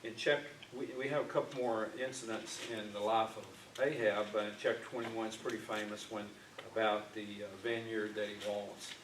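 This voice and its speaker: This Bible class teacher speaks briskly in a lowish, level, fairly bright voice. He's informal and conversational in the church classroom, often using fillers and restarting. Echo, a distant mic, and faint noise mark the recording.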